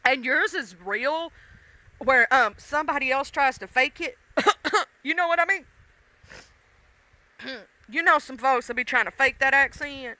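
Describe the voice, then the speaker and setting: A woman hosts a casual livestream, laughing with her viewers and teasing them by name. Her high, animated voice is pushed and bright but unhurried, in a low-quality recording with no echo.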